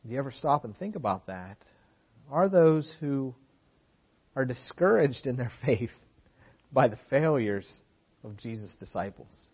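A man preaching a sermon in an earnest way, often doubling back on his words to press a point. His voice is husky, and it comes through a dull, lo-fi recording. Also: mid-range voice, lively intonation, a little slow, pauses often. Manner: earnest, repeats words for emphasis.

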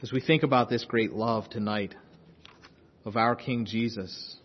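A man's voice: on the low side, fairly even intonation, unhurried, dull audio, a little hiss or hum. Impassioned preacher man in a reverberant hall. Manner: impassioned, swings from loud urgency to hushed intensity. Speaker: pastor. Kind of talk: sermon.

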